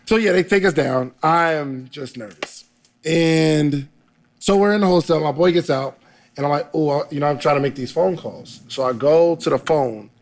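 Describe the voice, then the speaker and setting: A young man telling a story in a casual interview, animated and laughing often as he acts out what people said. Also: a little high, normal speed. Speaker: podcaster guest.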